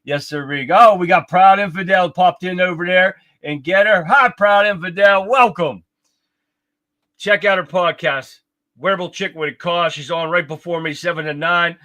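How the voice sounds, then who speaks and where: A man's voice: high-pitched, moderate pace, pushed and bright. A man in his fifties hosting a live-stream podcast, chatting casually and greeting viewers one by one. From United States. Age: 50s. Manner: upbeat, chatty, calls out to viewers. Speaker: livestream podcast host.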